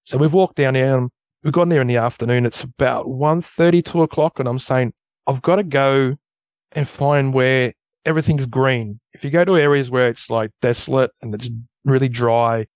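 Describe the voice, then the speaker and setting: A man with an Australian accent, a guest telling a long story in a rambling, casual way that turns animated at the tense parts. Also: medium pitch, normal speed, no echo. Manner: rambling, loose storyteller who grows animated at tense moments. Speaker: guest recounting an encounter.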